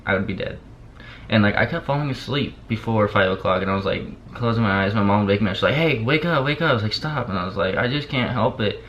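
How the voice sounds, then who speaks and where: A man's voice: fairly low pitch, fairly bright tone. A young man vlogging casually, drowsy on pain medicine and barely opening his mouth, rambling with lots of "like" and repeats. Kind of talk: casual chat to camera. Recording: dull lo-fi sound with faint hiss.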